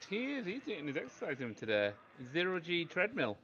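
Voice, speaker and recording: A man's voice: sits high, huge pitch swings, brisk, a bit bright, muffled recording. A man co-commenting on a game, joking around and making silly sound effects. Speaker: co-streamer. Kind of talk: casual gameplay commentary.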